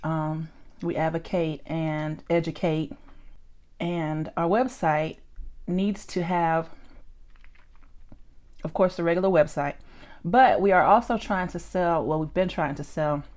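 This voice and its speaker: A woman's voice: sits low, slow, pauses often, darkish tone. Chatty woman eating and talking. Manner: chatty, rambling, laughs often. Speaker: mukbang vlogger. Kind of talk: casual chat while eating.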